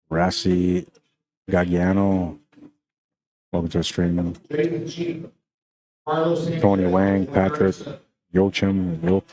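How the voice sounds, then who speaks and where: A relaxed male pool commentator with a Spanish accent and a low, mellow voice, talking the stream through each shot. He speaks in an even, unhurried tone, chatting loosely and often tossing in "man" and "like". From Canada. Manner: laid-back, chatty, peppered with "man" and "like". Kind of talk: casual live-stream commentary.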